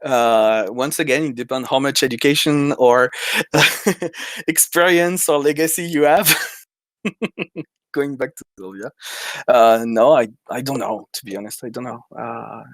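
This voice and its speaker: A man's voice: medium pitch, a little slow, no room sound. A man from France with a French accent, an indie game developer chatting in an interview, hesitant with many restarts and laughter. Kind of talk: casual interview chat.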